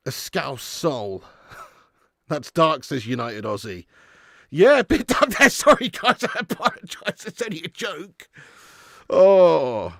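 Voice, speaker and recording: A man's voice: high-pitched, a bit bright, dry recording, studio quality. A man hosting a live football watch-along, joking and laughing as he thanks viewers for super chats.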